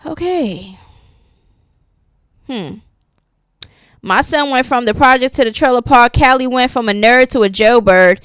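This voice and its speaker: A woman's voice: fairly high pitch, unhurried, long pauses, a bit bright, smooth, dry recording, studio quality. A woman giving sassy, casual gossip commentary, reading posts aloud and reacting to them. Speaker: commentary channel host.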